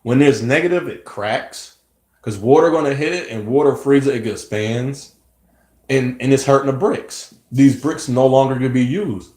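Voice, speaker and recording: A man's voice: medium pitch, normal speed, a little mellow. Guy rambling on earnestly to camera, kinda preachy, echoey room. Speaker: vlogger. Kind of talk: personal monologue to camera.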